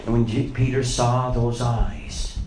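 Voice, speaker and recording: A man's voice: mid-range voice, animated, slow, a little mellow. A man preaching a sermon, retelling a story with rising and falling dramatic intensity. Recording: roomy echo, faint noise.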